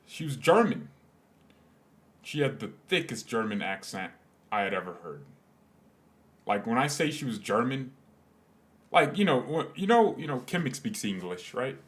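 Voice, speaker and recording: A man from the United States hosts a live watchalong for a fan channel, his mid-range voice fairly bright. He blends match commentary with joking, rambling banter.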